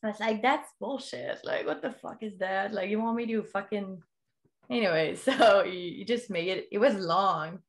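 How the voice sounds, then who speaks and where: A woman's voice: mid-range voice, normal speed. A woman who is not a native English speaker, telling her story as a podcast guest in a candid way, swearing freely and laughing often. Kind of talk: casual interview storytelling.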